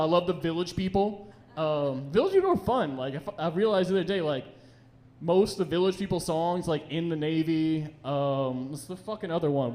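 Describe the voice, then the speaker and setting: This young comic's fairly high, slightly mellow voice carries a rambling, foul-mouthed stand-up routine at a comedy club. He briefly mimics the characters who turn up in his anecdotes.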